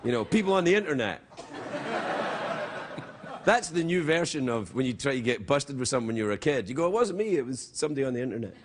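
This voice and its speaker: Scottish late-night host, middle-aged, hoarse edge, bouncy delivery, noisy studio audience. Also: male voice, medium pitch, fast talker, a faint crowd. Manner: animated, jokey, mock-outraged outbursts. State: scratchy, throat-clearing voice. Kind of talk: comedic monologue and banter.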